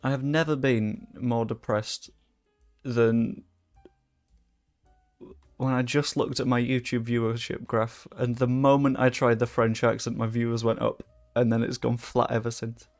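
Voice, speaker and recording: A young man casually commentating a livestream while he plays, chatty, swearing freely and reacting loudly to the game. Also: mid-range voice, little pitch movement, unhurried. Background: faint background music.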